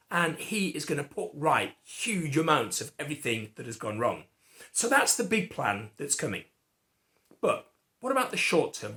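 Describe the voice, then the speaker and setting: English preacher, sermon voice, lively swooping pitch, animated delivery. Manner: animated, with playful acted outbursts.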